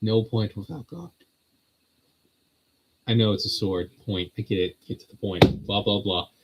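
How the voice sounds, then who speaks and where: A man's voice: on the low side, unhurried, very noisy. A man at home hosting a casual on-camera religious teaching, full of joking, sardonic asides. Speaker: host of a Bible teaching channel.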